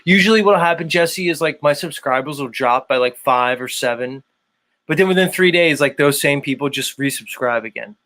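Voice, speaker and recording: In a casual livestream, a man hosting his own show chats loosely and rambles, filling his speech with fillers. His voice is on the high side, fairly bright in tone, at normal speed.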